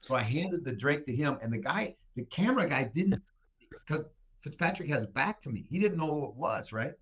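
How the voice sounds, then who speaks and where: A man hosting a casual show, telling stories in an animated way and tagging his lines with "right?". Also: on the high side, moderate pace, a little hiss or hum. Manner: animated storyteller who tags lines with "right?". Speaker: show host answering listener questions. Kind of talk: casual storytelling chat.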